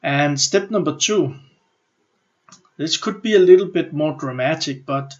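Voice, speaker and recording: A middle-aged man with a Danish accent, speaking English as a second language, gives a motivational coaching talk in a fairly high voice. He is animated and breaks off mid-sentence to restart. The audio sounds slightly muffled and lo-fi. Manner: animated, acts out inner thoughts, halting restarts. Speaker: business and personal development coach.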